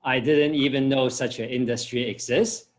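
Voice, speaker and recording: Man from Hong Kong, mid pitch, measured, explanatory interview answer. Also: fairly even intonation. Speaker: interviewee, former finance professional.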